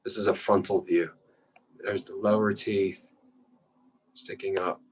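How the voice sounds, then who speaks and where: A male lecturer explaining anatomy patiently while drawing, often clearing his throat. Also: deep voice, little pitch movement, unhurried, a little hiss or hum, low-quality recording.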